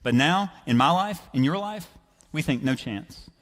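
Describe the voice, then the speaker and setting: A man preaching a sermon in a church, animated and conversational as he tells a story. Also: a little high, moderate pace. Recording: reverberant church hall.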